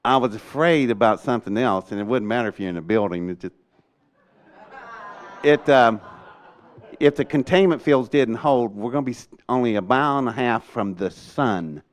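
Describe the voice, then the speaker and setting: An older man telling a story in a lively way. He laughs often and acts out what other people said. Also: mid-range voice, normal speed. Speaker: speaker recounting a rocket test. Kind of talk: animated storytelling talk.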